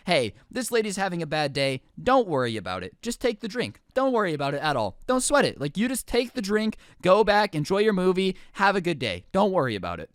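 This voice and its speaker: A young man in a storytime vlog with a high, very lively voice that jumps around. He rants in an exasperated, animated way, full of fillers. The sound is close and dry. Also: brisk, hardly any pauses, clean tone, dry recording. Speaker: vlogger.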